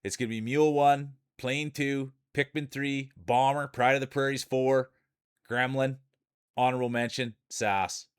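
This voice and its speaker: A man's voice: medium pitch, steady tone, unhurried, clean tone. Chatty Canadian man calling races. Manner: chatty play-by-play with frequent laughs. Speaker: streamer. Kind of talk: casual live-stream commentary.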